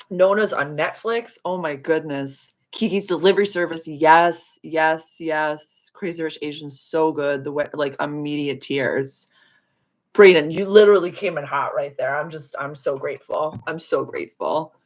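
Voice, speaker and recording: A woman hosting a casual live stream as a spiritual healer, gushing and affirming as she answers viewer comments. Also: sits low. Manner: soothing, affirming.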